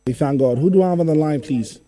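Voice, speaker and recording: A man hosting an evening radio call-in show, talking to callers in a friendly, teasing way and slipping into local words. His voice sits a little high for a man. Music plays clearly underneath him in the studio. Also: quick pace, mellow. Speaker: radio show host taking calls. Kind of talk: casual call-in chat. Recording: music playing behind.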